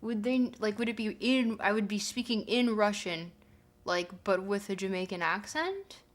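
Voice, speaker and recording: With a medium-pitched voice at normal speed, this livestream host chats casually with her viewers. She rambles and thinks out loud, leaning on plenty of filler words.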